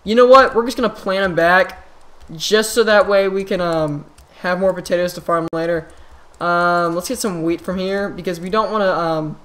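A man hosting his own channel, giving casual gameplay commentary in an excitable way, full of exclamations and quick restarts. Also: high-pitched. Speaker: gaming channel host.

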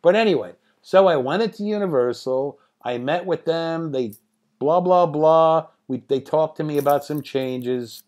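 A man's voice: on the high side, measured pace, darkish tone. A man in his sixties, a screenwriter and director, telling stories as an interview guest. He talks animatedly, laughs at his own stories and swears casually. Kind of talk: anecdotal interview storytelling.

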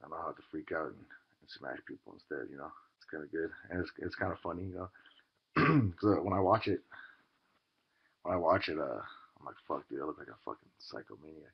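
A man talking quietly and hesitantly in a confessional vlog, full of fillers. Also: low-pitched, expressive, brisk, long pauses, breathy edge, muffled recording. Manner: mumbling, hesitant, filler-heavy.

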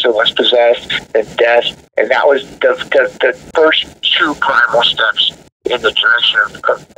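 Male interview guest, sharp bright tone, rambles and restarts, set back from the mic. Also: mid-range voice, recorded from a distance, a little hiss or hum, poor audio. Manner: rambling, many fillers and restarts. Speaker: guest musician, death metal vocalist. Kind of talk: casual interview talk.

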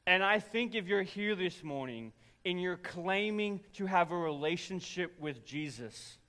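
Young male pastor, sharp bright tone, comic storytelling sermon, long church reverb. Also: high voice, a little slow. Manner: humorous storytelling, animated and self-deprecating. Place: church sanctuary.

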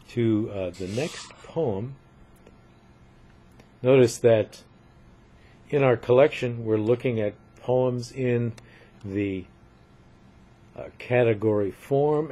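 A man's voice: mid-range voice, mellow, breathy edge. An older man giving a recorded lecture on poetry, explaining step by step and often checking in with "right?".

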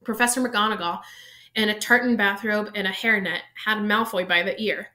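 A woman reading a children's novel aloud, narrating in an even, steady storytelling manner. She keeps the flow plain, now and then catching and fixing a slipped word. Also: medium pitch, moderate pace. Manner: even storytelling pace, small self-corrections. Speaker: reader.

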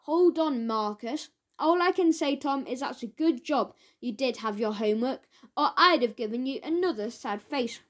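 A woman's voice: sits high, animated, normal speed, hardly any pauses. A woman playing a stern male schoolteacher.

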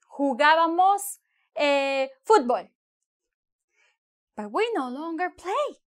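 A woman teaching a bilingual lesson, deliberately, switching between English and with playful asides. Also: high voice. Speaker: Spanish teacher.

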